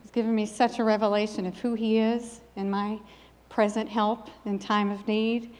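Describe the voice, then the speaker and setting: A middle-aged woman tells her personal testimony within a sermon, her delivery earnest and emphatic in the manner of a preacher. She keeps a level tone at medium pitch and moderate pace, sounding a little mellow, with church-hall reverb trailing her words.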